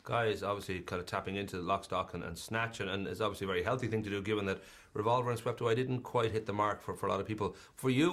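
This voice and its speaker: A male film interviewer rattles off long, winding questions at a very fast clip. His voice sits fairly low, and his questions are packed with fillers and restarts. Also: fairly bright tone.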